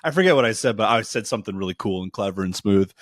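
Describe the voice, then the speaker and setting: Young male guest comic, relaxed rambling delivery, lower voice, dry close sound. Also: fast, no room sound. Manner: laid-back, filler-heavy anecdotes. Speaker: podcast guest comedian. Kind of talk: casual chat.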